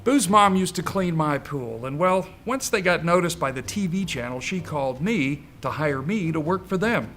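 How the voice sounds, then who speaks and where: A man's voice: a little high, expressive, normal speed, hardly any pauses, a bit bright, faint music behind. A man playing a lawyer in a comedy sketch, talking in a folksy, chuckling way.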